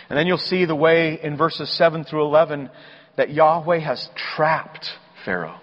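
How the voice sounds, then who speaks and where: A man preaching a sermon, emphatic and building to loud, rising exclamations. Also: fairly high pitch, moderate pace. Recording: dull, hall-like reverb.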